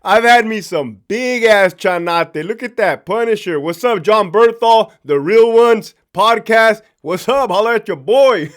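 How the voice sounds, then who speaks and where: A man's voice: sits high, expressive, takes it slowly. A man, a former prison officer, chatting casually and profanely, often laughing as he tells stories. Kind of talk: casual storytelling chat.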